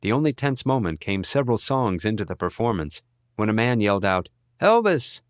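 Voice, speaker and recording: Male audiobook narrator, low voice, dry close sound, measured read. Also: lively intonation, dry recording. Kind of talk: scripted narration.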